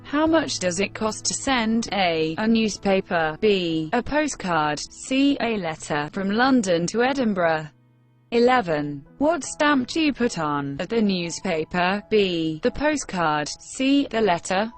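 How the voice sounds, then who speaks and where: A woman reading an English textbook lesson aloud, in a measured dictation manner for learners. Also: medium pitch, animated, soft background music. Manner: measured, careful dictation pace.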